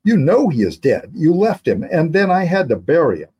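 A frightened, simple young fool pleads his case in a raised, earnest voice, as a man reads him aloud. His words come plain and childlike, with a mellow, slightly husky tone. It sits in a read-aloud historical fantasy novel. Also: fairly high pitch, big pitch swings, normal speed, pitched above the performer's own voice, exaggerated voice. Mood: earnest pleading.

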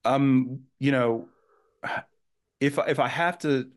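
A man speaking as a guest on a podcast, his pitch sitting in an ordinary middle range. He talks earnestly and thoughtfully, often restarting his sentences as he works through his ideas. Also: steady tone, slow pace. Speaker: guest author. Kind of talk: conversational podcast interview.

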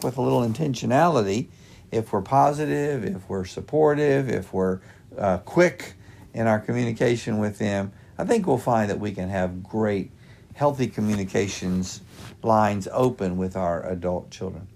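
A man's voice: fairly low pitch, creaky, a little mellow. A middle-aged man hosting a devotional podcast, giving earnest, practical advice point by point. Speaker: podcast host and pastor.

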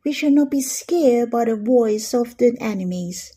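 A woman giving an earnest, gentle devotional Bible reflection, leaning on key words for emphasis. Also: fairly high pitch, animated, unhurried, breathy edge. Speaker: devotional speaker.

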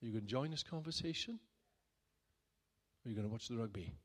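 A man preaching, recounting a personal story in a relaxed, conversational way. His voice sits at an ordinary middle pitch, then swells into loud, emphatic bursts on key phrases. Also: quick pace, husky. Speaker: pastor. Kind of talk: sermon testimony.

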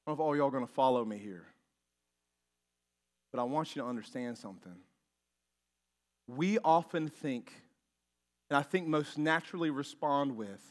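A man preaching a sermon as pastor, moving between quiet scripture reading and loud, impassioned preaching. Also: mid-range voice, normal speed, long pauses. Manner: reads scripture aloud between comments.

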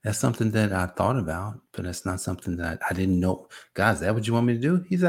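A man giving a casual devotional talk as a preacher, animated and jumping from low mutters to high, excited outbursts. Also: fast talker, slightly rough. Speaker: preacher and podcast host.

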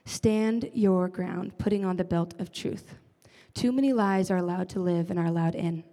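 A woman's voice: lowish voice, moderate pace, mellow. A young woman giving an earnest, conversational sermon as a church leader, often adding casual fillers. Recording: long reverb of a large hall.

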